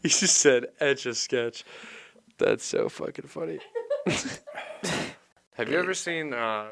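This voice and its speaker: A young man hosting a casual comedy podcast, telling animated stories and acting out the people in them. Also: medium pitch, takes it slowly, vocal fry. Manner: animated storyteller, acts out shouted quotes. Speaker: podcast host.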